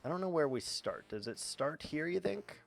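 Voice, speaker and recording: A man's voice: a little high, big pitch swings, normal speed, vocal fry. A man chatting casually while streaming a game, rambling, swearing freely and talking to his chat. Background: faint background music.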